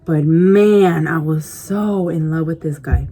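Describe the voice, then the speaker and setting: A low, dark-toned woman takes her time, with slight background noise audible on the compact camera mic. She's a vlogger snacking while she confides a casual, rambling story to her viewers, leaning on "like" and "you know" throughout.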